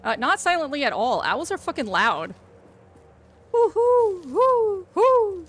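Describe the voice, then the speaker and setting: A woman's voice: on the high side, big pitch swings, brisk, pushed and bright. A woman streamer chatting casually while she plays, teasing her friend and swearing freely. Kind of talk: casual live-stream chat while gaming.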